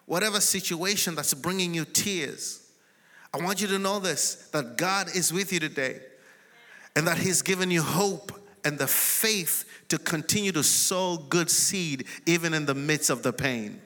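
Pastor, male, bright and forceful, preaching in a big echoing sanctuary, peaks into shouts. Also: a little high, measured pace. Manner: builds to shouted declarations. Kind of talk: sermon. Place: large church sanctuary. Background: congregation responding.

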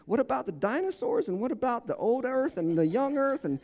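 Guy putting on an unsure doubter, rambling questions, high lively voice. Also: fairly quick, exaggerated voice. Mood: doubtful. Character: doubting man, unsure churchgoer, full of questions.

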